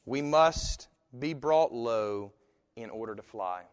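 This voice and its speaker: Pastor preaching in a reverberant hall. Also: male voice, mid-range voice, smooth. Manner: dramatic swings from hushed to loud, slow emphatic phrasing. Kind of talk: sermon. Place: church sanctuary.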